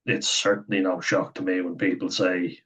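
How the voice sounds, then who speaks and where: A man's voice: low-pitched, flat delivery, normal speed, fairly bright tone, low-quality recording. A young man talking candidly to camera, swearing freely, laughing often and acting out what other people said. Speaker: vlogger. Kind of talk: candid personal talk to camera.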